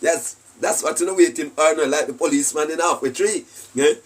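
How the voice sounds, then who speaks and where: A man's voice: on the high side, a little fast, slightly rough, distant mic. A Jamaican man giving a rambling, preachy monologue full of rhetorical questions and mocking laughter. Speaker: self-styled spiritual commentator.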